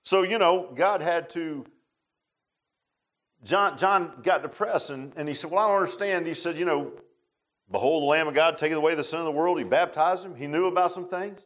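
A man's voice: on the high side, normal speed, fairly bright tone. A man teaching a Bible study class in a casual, folksy sermon style, often asking his listeners questions.

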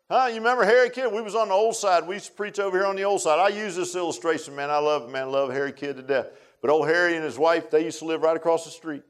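A man, preaching a sermon in a folksy way, dropping to hushed asides and rising to loud emphatic lines. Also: medium pitch. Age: 60s. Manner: folksy, repeats phrases, calls listeners "man". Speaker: pastor.

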